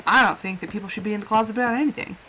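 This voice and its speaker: A woman's voice: mid-range voice, very fast, bright, forceful tone, a little hiss or hum. A young woman chatting casually while she streams a game live, gushing and emotional, laughing often and exclaiming a lot. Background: game music.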